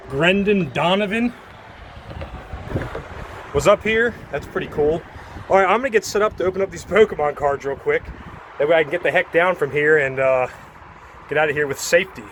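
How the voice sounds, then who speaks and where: A man vlogging as he climbs a tall outdoor tower, out of breath, chatty and excited, recorded on a handheld phone. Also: fairly high pitch, a little hiss or hum. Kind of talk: casual narration while climbing. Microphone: handheld phone camera.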